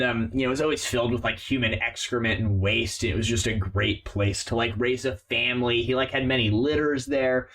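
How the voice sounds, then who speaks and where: A man's voice: mid-range voice, fairly bright tone. A man narrating a tabletop game as game master, rambling with many fillers.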